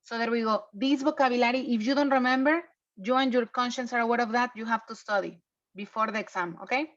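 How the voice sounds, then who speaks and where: Brief: woman English teacher, higher voice, patient "okay?" check-ins, muffled online class audio. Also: fast, fairly bright tone. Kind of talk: online class review lesson. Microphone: video call.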